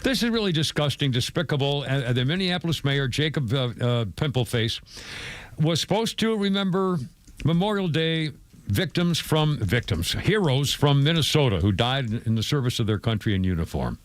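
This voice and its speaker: A man's voice: medium pitch, big pitch swings, moderate pace, no echo. A man hosting a talk radio show, rambling through the news with many stammers, restarts and asides. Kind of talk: casual talk radio commentary. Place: radio studio. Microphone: studio microphone.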